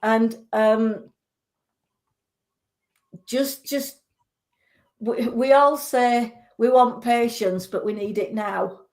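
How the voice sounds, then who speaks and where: A woman with a fairly high voice gives psychic readings over the radio. She is earnest and reassuring, and she searches for her words as she goes. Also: steady tone, extremely slow, pauses often, a little mellow. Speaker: clairvoyant.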